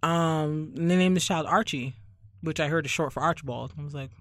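A young man from Barbados hosts a podcast in loose, casual chat. He rambles and keeps a sardonic edge, padding his thoughts with ums and likes. His voice sits on the higher side for a man, and the recording is dry and close. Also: brisk, a bit bright, no echo. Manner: sardonic, rambling, heavy on fillers. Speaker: podcast host.

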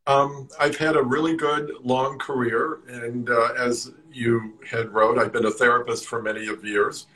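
A man's voice: medium pitch, little pitch movement, a little slow, fairly bright tone, poor audio. A man in his sixties from the American Midwest, a guest on a video-call interview, easygoing and plainspoken with some joking. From Midwest USA. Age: 60s. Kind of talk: casual interview.

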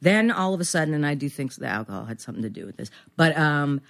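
A woman's voice: low voice, expressive, fast. A middle-aged woman actor talking candidly as an interview guest, rambling and self-deprecating with many fillers.

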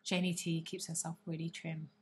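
A woman co-hosting a podcast in relaxed conversation. Her voice sits a little low. She talks with dry, self-deprecating humour. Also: moderate pace. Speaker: podcast co-host. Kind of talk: casual chat.

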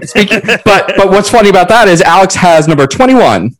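A man hosting a podcast, reading out drinking-game prompts in a relaxed, casual way. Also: sits high, fairly quick. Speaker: podcast host.

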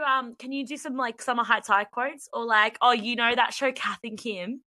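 Australian woman, bright, casual podcast chat. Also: fairly high pitch, moderate pace, hardly any pauses, no room sound. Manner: laughs often, swears, acts out quoted people. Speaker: podcast co-host.

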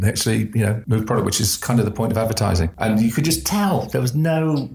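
A man's voice: fairly low pitch, gravelly, darkish tone. A man, co-hosting a casual chat about adverts, jokey and rambling. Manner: jokey, rambling, puts on quick voices. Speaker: podcast co-host. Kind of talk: casual chat reviewing ads. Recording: echoey room.

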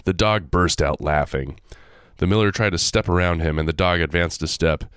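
A man hosting, reading a folk tale aloud with animated, joking asides. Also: low voice, normal speed, clean tone, no echo, studio quality. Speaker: host. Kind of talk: storytelling with jokey asides.

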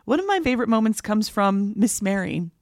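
A young woman co-hosting a podcast, chatting casually and retelling TV scenes with quick asides. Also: mid-range voice, sing-song, darkish tone, no room sound, studio quality. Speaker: podcast co-host. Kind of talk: casual gossip chat.

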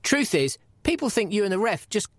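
A man's voice: high-pitched, big pitch swings, a little fast, no echo, clean studio sound. An actor playing an earnest, pushy male podcast interviewer who nags and pleads in a comedy audio drama. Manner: pleading and nagging, rising to frantic shouts. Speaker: podcast host character.

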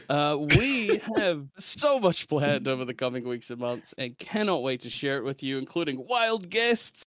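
A man's voice: mid-range voice, lively intonation, normal speed, hardly any pauses, a bit bright, no room sound, studio quality. A young man with a New Zealand accent, hosting and narrating a tabletop game in a dramatic storytelling manner. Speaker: game master and host. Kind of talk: podcast intro and scripted narration.

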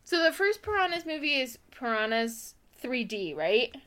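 Bright, bubbly young woman podcaster. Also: sits high, moderate pace. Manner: excitable, rambling, laughs often. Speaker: podcast co-host. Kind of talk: casual chat.

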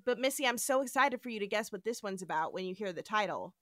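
On a casual podcast, a woman retells episode scenes with animated flair, performing the characters' lines herself. She speaks quickly in a mid-range voice, captured in a dry, studio-quality recording.

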